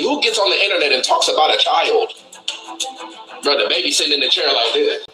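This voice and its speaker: A man giving animated, laughing livestream commentary. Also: on the high side, fast talker. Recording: roomy echo with faint music.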